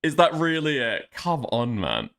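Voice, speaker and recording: A man's voice: fairly high pitch, wildly swooping pitch, measured pace, fairly bright tone. A man streaming, ranting in heated casual chat, exasperated and swearing often. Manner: exasperated, swears a lot, rants. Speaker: streamer reacting to news.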